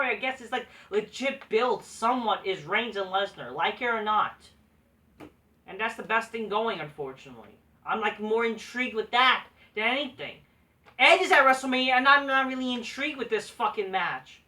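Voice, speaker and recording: A woman's voice: on the high side, sharp tone, far from the mic. A woman reviewing a wrestling show in a profane, exasperated rant, swearing constantly and mocking wrestlers in sing-song quotes. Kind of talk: profane ranting commentary.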